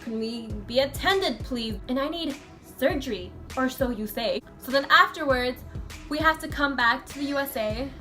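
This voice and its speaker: A woman's voice: sits high, normal speed, pushed and bright, faint music behind. A woman from the USA telling a personal story in a casual vlog, rambling and chatty, full of fillers. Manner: chatty, rambling, heavy use of filler 'like'. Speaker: vlogger.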